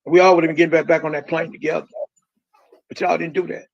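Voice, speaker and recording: Raspy middle-aged father on lo-fi audio. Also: on the high side, level tone, fast talker, no room sound. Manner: emphatic, repeats himself. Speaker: grieving father, guest.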